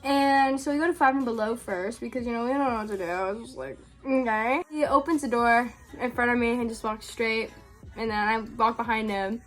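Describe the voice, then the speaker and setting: A young woman with a high, light voice tells a story straight to her viewers. She talks loosely and casually, sprinkling in "like" and "um" and laughing as she goes. Her tone stays relaxed and conversational throughout. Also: fairly quick, faint music behind. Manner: chatty, full of "like" and "um", laughs often. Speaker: vlogger telling a story.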